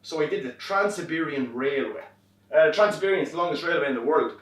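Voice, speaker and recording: A young Irish man performing a wry comic monologue on a theatre stage, swearing and animated as he tells a story. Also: a little high, quick pace. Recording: roomy stage from far off.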